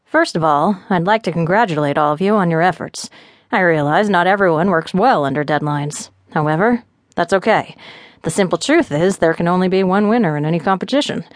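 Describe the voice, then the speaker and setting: A woman's voice: fairly low pitch, brisk, dry recording, clean studio sound, natural voice. A woman reading as a self-assured male lab boss. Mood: addressing group. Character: confident male boss addressing his lab team.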